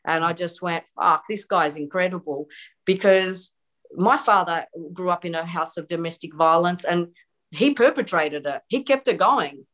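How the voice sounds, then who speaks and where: A woman hosts a podcast and talks openly and with feeling. Her voice sits a little lower than most women's. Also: normal speed, a bit bright. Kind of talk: casual conversation.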